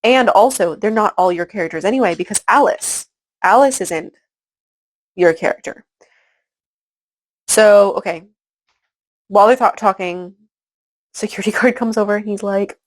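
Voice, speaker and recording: A woman's voice: medium pitch, moderate pace, pauses often, low-quality recording. A woman casually recapping a book chapter by chapter, rambling and filling her talk with "like" and "um". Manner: rambling, filler-heavy retelling with frequent "like" and "um". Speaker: book reviewer.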